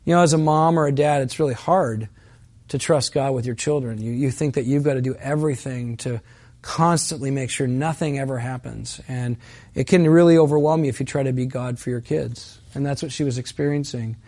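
A man's voice: mid-range voice, fairly quick, darkish tone. A man preaching a sermon as pastor, telling a personal story in an earnest, conversational way that builds to emphatic peaks.

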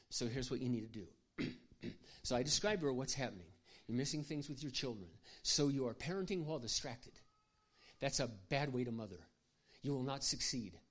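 A man giving a folksy, humorous talk to an audience of mothers, acting out little scenes and often clearing his throat. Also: mid-range voice, normal speed. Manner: folksy, humorous storytelling with acted-out demonstrations. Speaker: Christian parenting speaker.

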